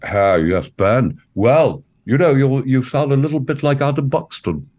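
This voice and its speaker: A man's voice: medium pitch, a little slow, darkish tone, close to an everyday voice. A man playing a hapless, earnest businessman guest who rambles with many ums and false starts in a comedic interview. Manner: hesitant, rambling, full of ums and restarts. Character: bumbling hapless male businessman, middle-aged, earnest.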